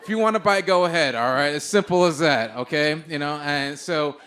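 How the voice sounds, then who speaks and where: A young man from the Bay Area telling a stand-up story on stage into a handheld mic, animated and swearing, with sudden loud outbursts. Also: fairly high pitch, a little fast. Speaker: stand-up comedian. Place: stage before a live audience.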